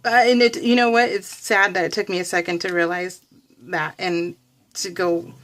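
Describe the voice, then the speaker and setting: A woman's voice: lowish voice, little pitch movement, normal speed, fairly bright tone, a little hiss or hum. A woman vlogger telling a rambling, chatty story in a casual voice-over, often laughing and poking fun at herself. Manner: self-deprecating. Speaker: craft vlogger.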